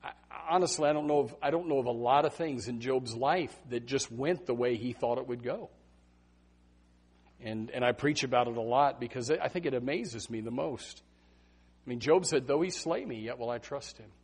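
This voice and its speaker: A man preaching a Baptist sermon, swinging from loud emphatic bursts to hushed asides. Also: medium pitch, moderate pace, slightly rough.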